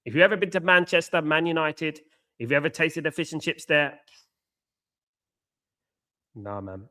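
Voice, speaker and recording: A man's voice: on the high side, moderate pace, bright, forceful tone. A young man hosting a live football watchalong, reading out viewers' chat, bantering and often repeating himself. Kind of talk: live stream commentary and chat.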